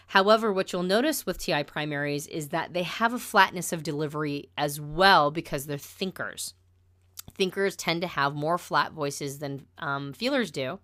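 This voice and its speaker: With a deep voice, a woman gives a casual, conversational lesson on personality types, going flatter and more deliberate whenever she makes a point.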